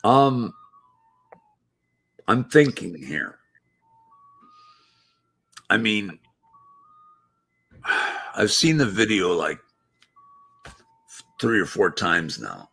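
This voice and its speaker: Slow-talking man hosting a live stream. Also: fairly low pitch, very animated, creaky, a bit bright, slightly rough. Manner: slow, halting, thinks aloud. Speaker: show host. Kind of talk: casual live-stream chat.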